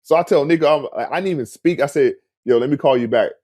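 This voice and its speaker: A man's voice: mid-range voice, quick pace, dry recording. A man casually telling a story, acting out quoted dialogue with lots of "like" and "man". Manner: animated, acts out quoted dialogue, frequent "like" and "man". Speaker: guest recounting a story.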